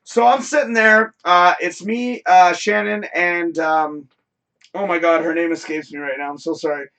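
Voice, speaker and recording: A man hosting a live show, telling a rambling, animated story in casual chat and swearing freely. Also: sits high, moderate pace, smooth. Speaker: show host.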